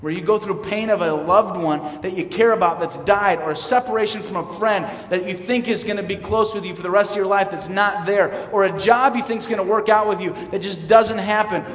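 A man preaching a sermon in an earnest, candid way, swinging between loud and quiet. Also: high-pitched. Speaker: pastor. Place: church sanctuary. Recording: roomy hall reverb, mic far off.

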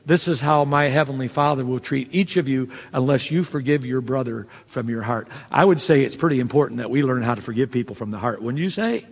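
A man's voice: medium pitch, a little fast, creaky, few pauses, breathy edge. A man preaching a sermon in a conversational way, with asides and quoted dialogue. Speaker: pastor. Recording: long hall reverb.

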